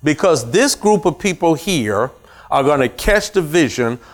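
A pastor preaches to his church in an animated style, slipping into other people's voices to make his point. His voice sits a little high for a man. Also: measured pace. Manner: animated, acts out the congregation's voices. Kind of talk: sermon.

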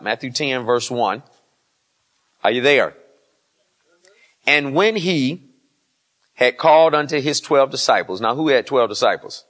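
A man's voice: mid-range voice, a bit bright. A man pastor preaching a sermon in church, asking the congregation questions and rising to emphatic peaks. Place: church service.

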